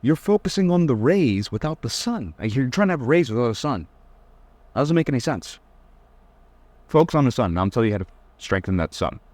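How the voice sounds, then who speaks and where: A man's voice: mid-range voice, sing-song, brisk, darkish tone, dry recording. A young man giving a casual, blunt dating-advice lecture, teasing his listeners and mocking them in whiny put-on voices.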